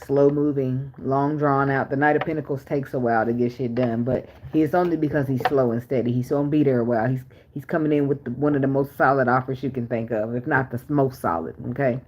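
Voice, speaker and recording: A woman's voice: extremely low pitch, fairly even intonation, fast talker, few pauses, background noise. A woman, giving a tarot reading as casual talk, blunt and profane, full of rhetorical questions. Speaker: tarot reader. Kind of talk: casual spiritual reading and rant.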